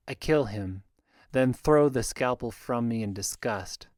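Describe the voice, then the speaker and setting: A male audiobook narrator with a mid-pitched voice, telling a fantasy story at an even, measured pace. The recording is close and dry, with no room sound. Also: no room sound. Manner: measured storytelling, voicing characters lightly.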